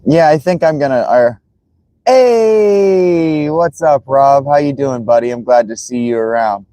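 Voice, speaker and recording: A man's voice: medium pitch, steady tone, moderate pace, mellow, dry recording. A man streaming live as he watches football, chatting casually and greeting viewers by name.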